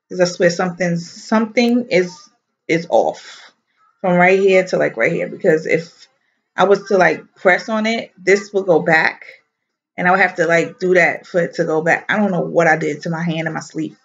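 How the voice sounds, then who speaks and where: A woman's voice: lowish voice, fairly bright tone, slightly rough, highs cut off. Chatty pregnant woman, stuffy and breathless. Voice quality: nasal, stuffy. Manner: chatty, rambling, frequent ums and likes. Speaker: vlogger. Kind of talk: casual pregnancy update vlog.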